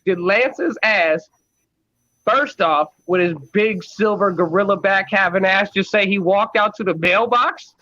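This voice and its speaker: Brief: high-pitched male caller, loud teasing roast, lo-fi line with hiss. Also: a little slow. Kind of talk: casual chat. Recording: lo-fi line with clear noise.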